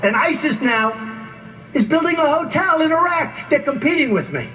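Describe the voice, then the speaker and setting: A man's voice: very high-pitched, animated, moderate pace, bright, forceful tone, soft background music, pitched above the performer's own voice, heavily acted. A man voicing a boastful, blustering businessman-politician in an exaggerated, bragging delivery.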